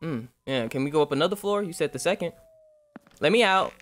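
A man's voice: a little high, lively intonation, fast. A young man giving casual, profane, jokey gameplay commentary. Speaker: gaming streamer.

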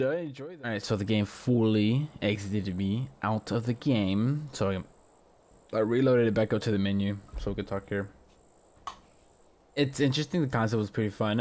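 A man commentating a horror game he is playing, reacting on the spot and repeating short phrases over and over. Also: on the low side. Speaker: gamer.

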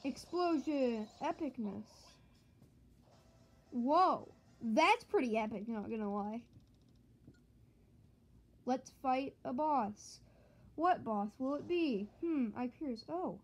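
Excitable higher-voiced woman gaming. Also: takes it slowly, low-quality recording. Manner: excitable, joking, talks to viewers, yelps at the game. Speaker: gaming channel host. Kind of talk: let's-play commentary.

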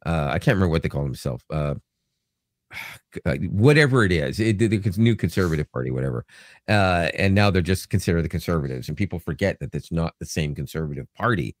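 Man from Canada, very deep voice, dry close sound, rambling joking podcast talk. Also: a little fast, dry recording. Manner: rambling, joking, animated storytelling. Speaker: podcast co-host. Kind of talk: casual chat.

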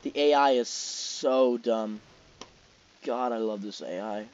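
A man's voice: medium pitch, slow, a little mellow, muffled recording, a little hiss or hum. A young man giving casual, exasperated commentary while playing a game, talking to himself and swearing. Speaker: gamer.

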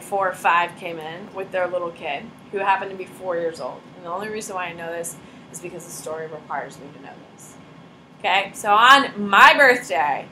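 A woman's voice: medium pitch, bright, forceful tone, a little hiss or hum, rough recording. A young woman teacher giving a chatty classroom lecture, telling stories with sarcastic asides. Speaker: high school teacher.

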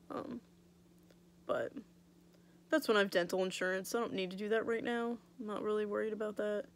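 Young woman vlogger, gravelly, swears casually, chatty and candid, mouth swollen after surgery. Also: medium pitch, level tone, brisk. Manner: chatty, blunt, swears freely, lots of "like". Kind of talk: casual storytelling vlog.

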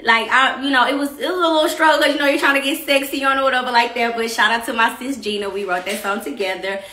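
A woman from Texas, chatting casually on her own stream with rambling asides and shout-outs to viewers. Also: high-pitched, fast, roomy sound. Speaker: singer hosting a live stream about her EP. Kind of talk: casual chat.

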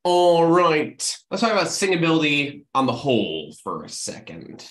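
A man explains songwriting craft to camera in an emphatic teaching manner, often checking in with the viewer. His pitch swings widely as he stresses points. The recording has a noticeable room echo. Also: sing-song, normal speed, fairly bright tone. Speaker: musical theatre writer teaching songwriting. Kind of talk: educational talk to camera. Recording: echoey room.

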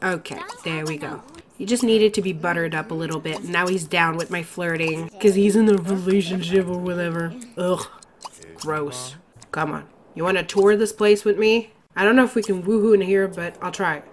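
A woman's voice: on the low side, moderate pace. A congested woman hosting a game playthrough, chatting casually and swearing in exasperation as she plays. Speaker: let's play host. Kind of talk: casual gameplay commentary.

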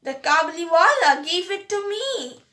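A woman's voice: extremely high pitch, very animated, moderate pace, bright, forceful tone, recorded from a distance, full character voice. A woman voicing a cheerful little girl. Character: small chatty girl, cheerful and bold. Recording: roomy echo.

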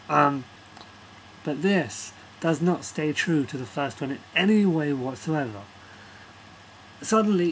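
A man's voice: medium pitch, slight background noise, rough recording. Sweary man ranting about a film. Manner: sweary, exasperated, rambling. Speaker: film reviewer. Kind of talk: casual rant-style film review.

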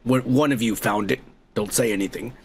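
Gravelly-voiced man in profane casual chat. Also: mid-range voice, brisk, a little hiss or hum. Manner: profane, joking, toasts viewers loudly. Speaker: podcast host. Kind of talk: casual comment-reading chat.

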